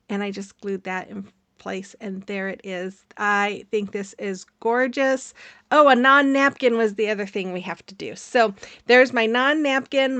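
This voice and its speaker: A friendly-sounding woman talks through a home craft project in a loose, meandering way, dotting her sentences with ums and little laughs. Her voice sits at an everyday middle pitch. The recording is close and dry, with no room sound. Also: fairly bright tone, no room sound. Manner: chatty, rambling, laughs often, many fillers. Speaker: craft channel host. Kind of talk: casual craft tutorial voice-over.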